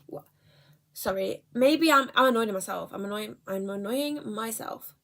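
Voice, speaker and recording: A woman's voice: fairly high pitch, normal speed, a bit bright. Chatty young woman vlogging. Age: young adult. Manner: chatty, rambling, self-correcting. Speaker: book vlogger. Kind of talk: casual chat.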